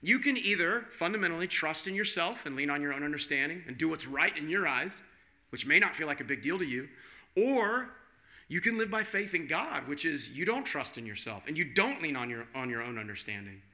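Bright-voiced male pastor preaching. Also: fairly high pitch, animated, fairly quick. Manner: conversational preaching with rhetorical questions. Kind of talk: sermon.

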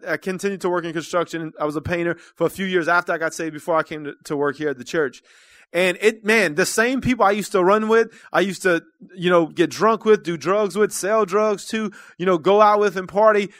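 A man preaching a sermon to his congregation. His delivery is earnest and conversational, and it swells into loud calls to the room. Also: high-pitched, no echo. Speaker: church minister.

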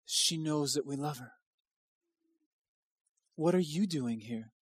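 A man's voice: fairly high pitch, slow pace, slightly rough, no echo. A male pastor preaching an impassioned sermon at a church service, driving home repeated rhetorical questions.

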